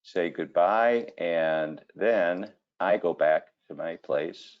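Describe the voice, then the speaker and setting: A kitchen designer talking through a screen-share presentation, telling folksy stories and filling gaps with 'okay' and 'you know'. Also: male voice, sits low, takes it slowly, highs cut off. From Cleveland area, Ohio.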